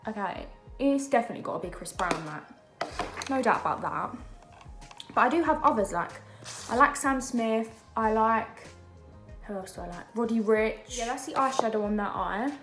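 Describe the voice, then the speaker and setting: A woman's voice: on the high side, lively intonation, normal speed, a bit bright, echoey room, soft background music. A young woman, chatting casually and rambling with lots of fillers while doing her makeup at home. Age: young adult. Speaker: beauty vlogger. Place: home during lockdown.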